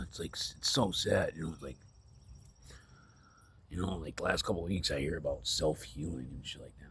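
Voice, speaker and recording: A rumbling low, sharp-toned voice belongs to a middle-aged man vlogging candidly about his life, with slight background noise behind him. His talk is halting, packed with fillers and false starts, and as he grows emotional his voice keeps fading toward a whisper.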